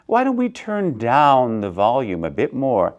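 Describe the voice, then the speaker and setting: A gentle, patient schoolteacher with a calm, coaxing manner, as a man reading a storybook aloud plays her. Her voice stays close to the reader's own everyday voice. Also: medium pitch, measured pace, highs cut off.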